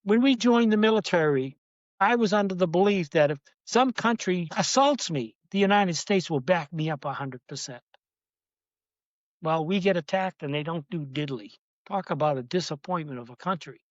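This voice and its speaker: A man's voice: sits high, expressive, moderate pace, dry recording. An older man telling his story as an interview guest, earnest and heated, rambling with restarts, on a dull lo-fi recording. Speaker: guest, navy veteran. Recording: dull lo-fi sound.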